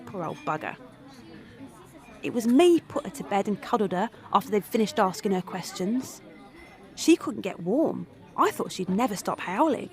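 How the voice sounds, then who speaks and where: A woman's voice: mid-range voice, expressive, normal speed, darkish tone, soft background music, close to an everyday voice. A woman voicing a blunt, world-weary young woman who speaks bitterly, yet tenderly at times, in a radio drama monologue.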